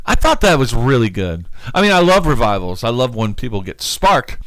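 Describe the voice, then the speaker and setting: A man's voice: medium pitch, very animated, normal speed, fairly bright tone, no room sound. A man, a pastor co-hosting a church talk show, chatting casually and enthusiastically and laughing easily. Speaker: pastor and co-host.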